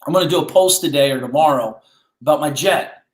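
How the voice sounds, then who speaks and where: A man's voice: fairly high pitch, a little fast, reverberant. A man hosting a podcast, giving a blunt, fired-up motivational monologue full of rhetorical questions. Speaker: podcast host.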